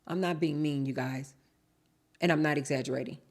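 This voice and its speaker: In a low, darkish voice that moves a little fast with fairly even intonation, a woman vlogger talks casually to her viewers. She tells a story, says "you guys," and voices both people in every quoted exchange.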